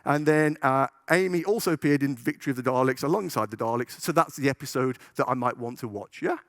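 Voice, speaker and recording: A man's voice: mid-range voice, fast talker, a bit bright, no room sound, clean studio sound. A man giving a conference talk, chatty and joking, checking in with the audience. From United Kingdom. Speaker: conference speaker. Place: conference hall stage.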